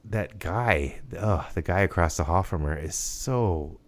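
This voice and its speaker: Low-voiced rambling man. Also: unhurried. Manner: rambling, hesitant, many restarts and fillers. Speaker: podcast co-host. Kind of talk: casual chat.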